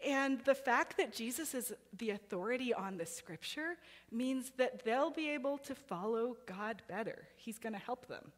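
A woman's voice: a little high, animated, moderate pace. A woman preaching a sermon in a conversational way, asking her listeners questions. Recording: hall reverb.

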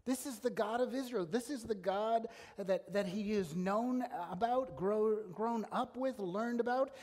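A man with a high voice preaches a sermon, earnest and emphatic, often circling back to restart a phrase. His words ring out with a long reverb, as in a large church sanctuary. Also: unhurried, darkish tone. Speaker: pastor.

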